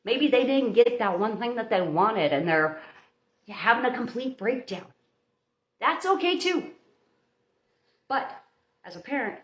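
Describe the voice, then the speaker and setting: Female host, motherly and chatty, casual live-stream pep talk, slightly high voice, echoey kitchen sound. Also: sing-song, unhurried, long pauses. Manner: chatty, motherly, talks straight to viewers. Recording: roomy echo.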